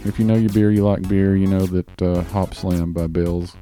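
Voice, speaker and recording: A man with a Southern US accent hosting a podcast in casual chat, rambling with fillers and restarts and talking a bit fast. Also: low-pitched, steady tone, dark tone, soft background music. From Southern US (Tennessee). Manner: talks a bit fast on mic. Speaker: podcast host.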